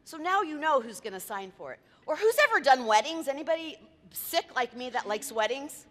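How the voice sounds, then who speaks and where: A woman's voice: sits high, sing-song, brisk. A woman event planner giving a chatty talk to a live audience, quizzing the room and telling anecdotes. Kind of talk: lively presentation to a live audience. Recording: reverberant hall.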